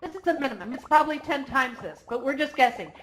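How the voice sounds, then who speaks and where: An excitable woman delivers the closing speech for a conference held in virtual reality. Her voice sits a little high, and she laughs often and gets emotional between thank-yous and numbers. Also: quick pace, slight background noise. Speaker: conference organizer.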